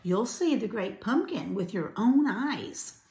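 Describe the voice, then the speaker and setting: A woman's voice: medium pitch, animated, slow pace, a little mellow. An older woman reading a storybook aloud and voicing a sincere, hopeful little boy. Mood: earnest. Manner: sincere, pleading. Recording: roomy echo.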